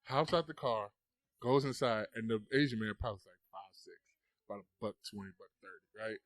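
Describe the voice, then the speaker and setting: A man's voice: on the low side, a little fast, no room sound. A man, a podcast guest, telling a story casually into a close mic. He swears often and acts out the voices.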